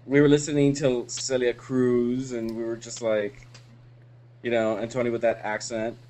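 A man's voice: medium pitch, normal speed. A man co-hosting a podcast, telling stories in casual, profane chat and laughing as he goes. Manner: profane, animated storytelling with laughs. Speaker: podcast co-host.

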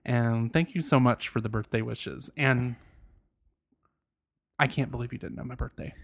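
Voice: medium pitch, steady tone, moderate pace, creaky, no room sound, studio quality. A podcast host in casual chat who introduces the phone calls. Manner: chatty, reads out calls.

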